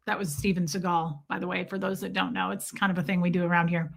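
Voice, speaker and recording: A livestream host talks fast with few pauses in a lowish, flat voice with vocal fry. She reads comments and speaks straight to chat, casual, candid, and profane.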